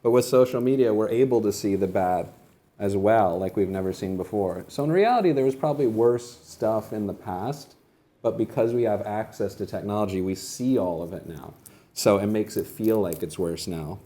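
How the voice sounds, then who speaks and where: A man's voice: on the low side, warm tone. A young man rambling and joking in a casual comedic monologue while feeding animals.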